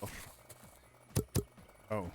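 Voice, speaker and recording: A man's voice: extremely slow, background noise. A man streaming a game, rambling and joking, swearing a lot and mumbling asides. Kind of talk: casual gameplay commentary.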